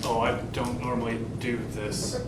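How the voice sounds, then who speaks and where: A man's voice: flat delivery, moderate pace, close to an everyday voice. An actor as a bitter, foul-mouthed man on stage. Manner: profane, rambling, sardonic confessional monologue. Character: bitter, foul-mouthed grown man confiding a family story. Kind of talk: live stage play monologue to the audience. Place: theater stage. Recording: echoey live theater, far from the mic, rumbling noise.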